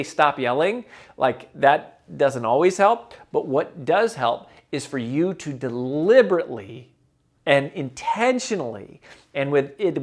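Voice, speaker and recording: A man giving advice as a motivational speaker, emphatic and repeating key phrases, moving between loud and soft delivery for effect. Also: fairly high pitch. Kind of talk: direct-to-camera advice talk.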